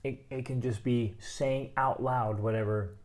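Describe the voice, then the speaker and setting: A man's voice: mid-range voice, unhurried. A middle-aged man co-hosting a podcast, chatting casually and acting out the voices of people he quotes. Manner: animated, acts out quoted voices. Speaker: podcast co-host. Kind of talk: casual chat.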